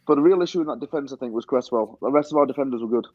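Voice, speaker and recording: Opinionated guy on a footy panel, dark voice, dry muffled lo-fi audio. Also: mid-range voice, rapid-fire. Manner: opinionated, frank. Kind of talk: casual football discussion. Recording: dry, dull lo-fi sound.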